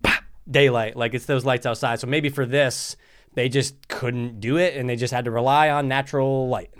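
A man with a smooth, clear voice co-hosts a film review chat. His pitch sits in a middle range. He talks in a relaxed, casual way and drops in some swearing. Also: normal speed. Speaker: podcast co-host reviewing a film.

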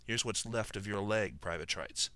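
A man's voice: fairly low pitch, normal speed, bright, forceful tone, no room sound. A man voicing a stern army surgeon who speaks in firm, blunt orders.

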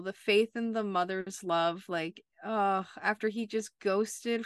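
With a medium-pitched, steady, smooth voice, she talks slowly with few pauses and no echo around her. As a podcast co-host, she recaps a TV episode chattily and casually, using "like" again and again.

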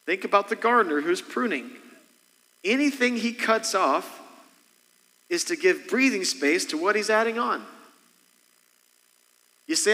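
A man's voice: high voice, moderate pace, long pauses, pushed and bright, long reverb tail, rough recording. A man preaching a sermon as senior pastor, asking the congregation frequent rhetorical questions.

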